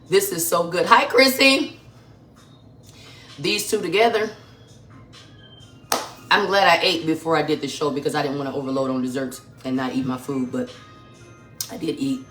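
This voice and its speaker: A home cook runs a live vegan cooking stream from an echoey kitchen with faint music playing, chatting effusively with viewers and tasting food, sometimes while still chewing. The voice is mid-range and a bit bright, with fairly even intonation and a quick pace.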